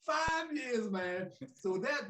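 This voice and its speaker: A man in his seventies telling a story in a folksy, animated way, often adding "man" to his sentences. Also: high voice, normal speed. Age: 70s. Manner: folksy, peppers speech with "man". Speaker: interviewee, veteran sports talk host. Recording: echoey room.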